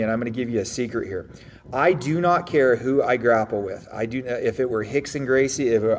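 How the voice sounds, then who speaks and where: A man in the middle pitch range coaches jiu-jitsu in a loose, upbeat livestream Q&A. He talks bluntly with the odd mild curse and drops into quick acted-out asides of his own thoughts. A faint hum of room ambience sits behind him. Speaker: jiu-jitsu instructor answering viewer questions. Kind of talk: casual livestream Q&A.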